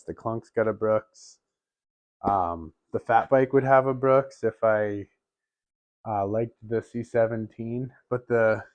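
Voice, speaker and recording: A man's voice: mid-range voice, a little mellow, no echo. A man talking casually about his bikes in a home garage vlog, rambling and laughing often. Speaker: bike vlogger.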